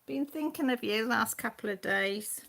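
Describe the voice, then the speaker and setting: Gravelly-voiced woman chatting. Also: on the high side, normal speed, a bit bright. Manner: chatty, reads out and answers viewer comments. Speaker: channel host. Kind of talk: casual live-stream chat with viewers. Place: at home with her pets.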